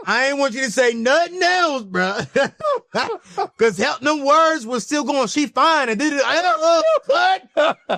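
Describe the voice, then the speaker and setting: A man's voice: very high voice, sing-song, slow pace, creaky, sharp tone, no room sound. A man hosting a podcast interview, playful and teasing in casual talk. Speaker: podcast host.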